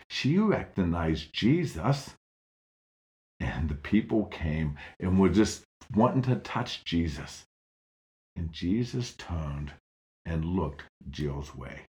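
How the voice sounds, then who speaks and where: A man's voice: low voice, big pitch swings, slow pace, a little mellow. A man narrating a children's Bible story expressively, with dramatic swings in delivery.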